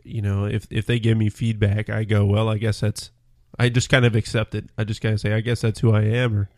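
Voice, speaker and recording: A man's voice: on the low side, little pitch movement, brisk, darkish tone, dry recording, clean studio sound. A man co-hosting a podcast, thinking aloud in a reflective, hesitant way. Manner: reflective, hesitant, many restarts. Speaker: podcast co-host. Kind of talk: casual chat.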